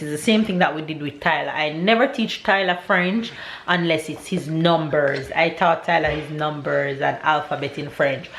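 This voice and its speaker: A woman's voice: low-pitched, slight background noise. A Jamaican woman in her thirties, chatting casually to camera at home as a family vlogger, a little scattered, with Jamaican English grammar. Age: 30s. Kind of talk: casual vlog chat to camera.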